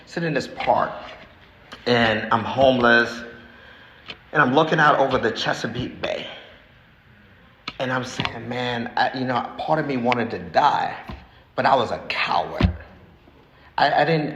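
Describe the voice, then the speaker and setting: A man in his sixties giving a recovery testimony at a meeting, talking frankly and haltingly, repeating himself as he tells his story. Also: mid-range voice, fairly bright tone. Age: 60s. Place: meeting hall. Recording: echoey hall with faint noise.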